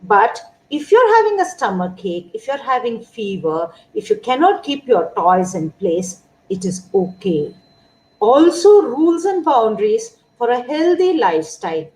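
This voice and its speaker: Slow, lively-voiced woman doctor. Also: a little high, low-quality recording. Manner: measured, explanatory, lists points one by one. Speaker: pediatrician giving parenting advice. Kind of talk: informative talk to parents.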